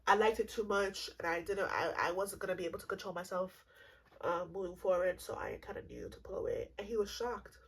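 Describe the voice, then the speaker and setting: A woman in her twenties telling a comedic storytime vlog, animated and profane, acting out both sides of the conversation. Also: fairly low pitch, a little fast, husky. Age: 20s. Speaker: vlogger.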